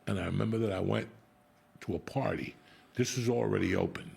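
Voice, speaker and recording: A middle-aged comedian tells a story in loose, profane chat. His voice is low, rough and gravelly, with a husky edge. He talks bluntly and with lots of animation. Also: brisk, a little mellow. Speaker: comedian podcast host.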